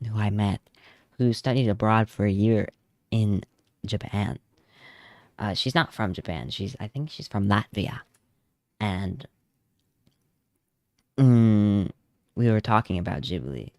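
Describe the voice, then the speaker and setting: A man's voice: on the low side, takes it slowly, long pauses, darkish tone, dry recording. A young man streaming as a vtuber, chatting casually and telling rambling, self-amused stories while he draws at home on a close desk mic. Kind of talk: casual chat while drawing.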